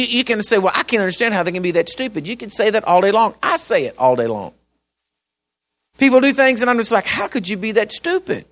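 A man's voice: sits high, fairly bright tone. A middle-aged man preaching a sermon, folksy and emphatic, often repeating words as he tells a story. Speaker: pastor.

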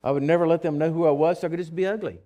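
A male pastor preaching a sermon, telling stories with emphasis, swinging from loud declarations to quiet asides and often restarting his words. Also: on the high side, steady tone, rapid-fire, slight background noise. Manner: frequent stammered restarts.

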